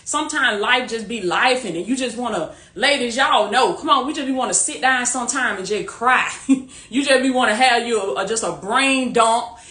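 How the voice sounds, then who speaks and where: A faith-based life coach hosts a casual livestream pep talk, her slightly high voice echoing around the room. She's rallying and preachy yet warm-hearted, repeats herself, and laughs often, all picked up by a phone or webcam.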